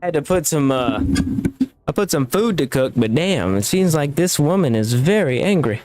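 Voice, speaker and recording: Streamer, male, slightly high voice, very lively swings, cusses at the game, faint music under him. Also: moderate pace. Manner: profane, reactive trash talk. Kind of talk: live gameplay commentary.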